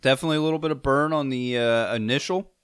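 A man's voice: medium pitch, fast, a bit bright, clear, resonant tone. A laid-back man in a casual chat among friends, swearing now and then.

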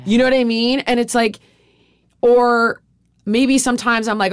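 A woman's voice: a little high, steady tone, moderate pace, pauses often, clean tone, no room sound, clean studio sound. Candid, profane woman podcast host. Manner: candid, profane, rambling storytelling; frequent fillers and restarts. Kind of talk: casual podcast chat.

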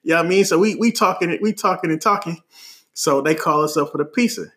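A man from Oakland with a Bay Area accent, telling a story on a podcast in an animated, slangy way, laughing often as he talks. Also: on the high side, quick pace. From Oakland, California. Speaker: podcast host. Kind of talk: casual storytelling.

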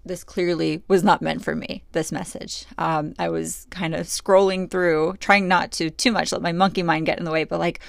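A middle-aged woman with a low, gravelly voice tells a personal story. She talks earnestly and reflectively, with plenty of pauses and fillers. The sound is close and dry, with no room around it. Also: steady tone, no echo. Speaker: podcast host.

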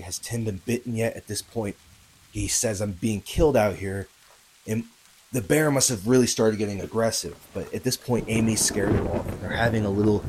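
Against a noisy background, a man whose voice sits on the low side hosts a podcast, telling a true story casually and directly to his audience. His talk is packed with fillers and tag questions, and he turns louder and more urgent as the tension builds.

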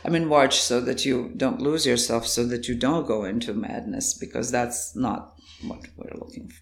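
A woman from Croatia speaks in an interview, her Croatian accent plain as she thinks aloud about her work. Her voice has a gravelly, fry-edged texture, and she laughs easily between thoughts. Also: a bass voice, steady tone, moderate pace. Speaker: guest, actor and playwright. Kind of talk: interview conversation.

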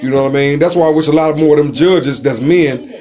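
A man telling stories in a casual chat, loud and animated, acting out the voices of the people in them. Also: a little high, fast talker. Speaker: storyteller in a casual conversation.

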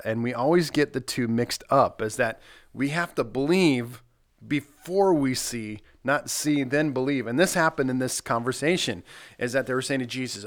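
A middle-aged man co-hosting a casual devotional chat, earnestly walking through his Bible study points one by one. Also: mid-range voice. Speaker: podcast co-host leading Bible discussion.

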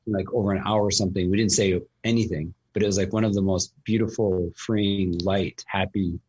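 A man with a low, husky voice, chatting casually as a host. He rambles through his story, full of ums and restarts. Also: fairly even intonation, fairly quick, a little mellow, muffled recording. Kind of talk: casual conversation.

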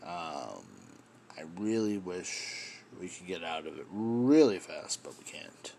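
A man's voice: low-pitched, lively intonation, slow, gravelly, dark tone, a little hiss or hum. A man hosting a solo podcast, talking in an impassioned, rambling way, swearing and addressing his listeners as folks. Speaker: podcast host. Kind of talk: solo political podcast rant.

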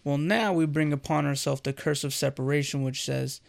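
A man's voice: a little high, fairly even intonation, moderate pace, creaky. A man giving an earnest, conversational sermon as a devotional host, speaking directly to the listener.

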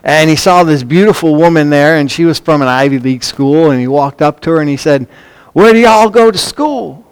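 Emphatic male preacher, fairly high voice. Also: fairly even intonation, fairly quick, few pauses, clear, resonant tone. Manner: emphatic preaching with repeated words and anecdotes. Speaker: pastor. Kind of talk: sermon.

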